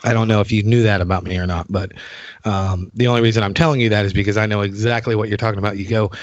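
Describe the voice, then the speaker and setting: Profane rambling podcast host, low voice. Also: male voice, fairly even intonation, fast, no room sound. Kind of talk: casual podcast chat. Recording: dull dry lo-fi sound.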